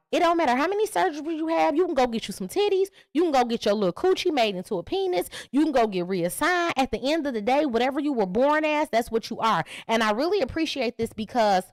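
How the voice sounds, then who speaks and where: A woman podcast host giving brash, profane comedic commentary, swinging from loud outbursts to low mutters. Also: no room sound.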